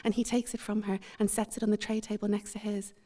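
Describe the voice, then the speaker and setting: A woman giving a measured, introspective literary reading at a seminar. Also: medium pitch, little pitch movement, warm tone. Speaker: author reading.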